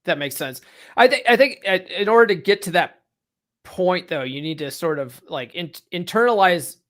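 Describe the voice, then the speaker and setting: Man, podcast host, high voice, halting, restarts his questions. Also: lively intonation, a bit bright. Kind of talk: casual podcast chat.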